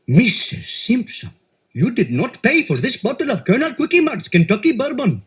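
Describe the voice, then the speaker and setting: Guy doing a high swoopy cartoon shopkeeper, south asian accent, polite and suspicious. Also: sing-song, moderate pace, husky, full character voice. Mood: fussy polite. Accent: put-on South Asian English. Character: fussy male shopkeeper, polite but suspicious.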